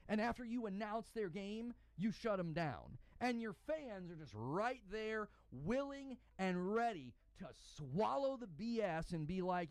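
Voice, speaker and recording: Fired-up man ranting with a lively voice. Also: sits high, a little slow, hardly any pauses, no echo. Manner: angry, indignant, emphatic. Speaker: gaming commentator. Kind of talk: heated opinion rant.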